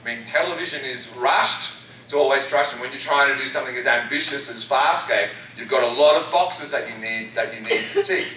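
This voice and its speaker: A man's voice: medium pitch, a little fast, bright, forceful tone, slight background noise. An Australian man talking about his acting work on a convention panel, rambling with lots of restarts. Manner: rambling, enthusiastic, many restarts. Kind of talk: casual panel talk. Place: large convention hall. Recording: echoey hall recorded from far off.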